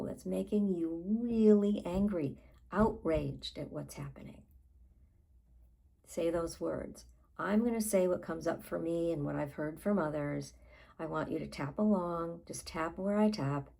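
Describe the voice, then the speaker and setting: A woman coach leads a guided tapping session at a slow, gentle pace. Her voice is low and mellow, with a gravelly edge. She guides calmly and pauses between phrases. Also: rough recording. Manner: calm, unhurried guiding with pauses. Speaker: life coach.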